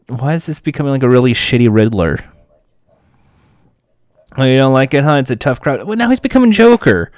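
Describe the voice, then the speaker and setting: A man's voice: medium pitch, expressive, fairly quick, long pauses, darkish tone, dry recording, clean studio sound. A man giving a sarcastic, joking recap of a show, full of swearing and asides.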